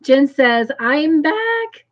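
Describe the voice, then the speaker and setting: A woman hosting a livestream, greeting viewers by name and reading their comments aloud with effusive, excited warmth. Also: high voice, slow pace, dull audio. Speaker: livestream host.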